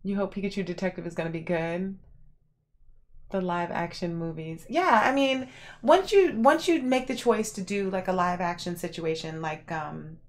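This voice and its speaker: A woman hosting a livestream, casually chatting and answering viewers, rambling with lots of fillers and animated reactions. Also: lowish voice, moderate pace. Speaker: livestream host.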